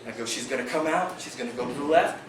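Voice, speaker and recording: A man's voice: medium pitch, quick pace. A man telling a fishing tournament story at a club meeting, acting out the quotes with animation. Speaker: fishing team member recapping a tournament. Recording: echoey room from far off, noisy.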